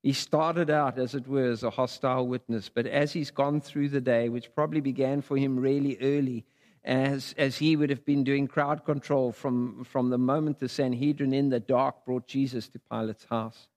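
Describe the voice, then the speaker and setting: A man's voice: medium pitch, steady tone, moderate pace, darkish tone. A man preaching a sermon, reading scripture dramatically with big rises and drops in his voice. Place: church sanctuary. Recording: long hall reverb.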